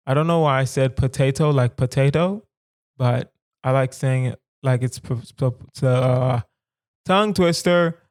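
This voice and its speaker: A man in his thirties from the southern United States, hosting a solo comedy podcast in a rambling, animated way and putting rhetorical questions to his listeners. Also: medium pitch, clean tone. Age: 30s. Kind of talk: casual solo podcast musing.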